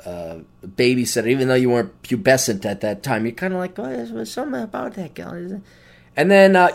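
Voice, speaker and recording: A middle-aged man hosting a podcast, delivering a crude comedic monologue, mocking people with put-on quotes and getting loud when worked up. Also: high-pitched. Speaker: podcast host.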